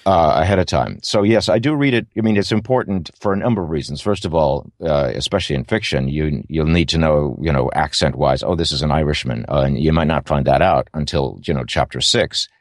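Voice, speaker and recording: A man's voice: rumbling low, a little fast, hardly any pauses, no echo, studio quality. A middle-aged man, an audiobook narrator, giving thoughtful, rambling interview answers with many fillers and restarts.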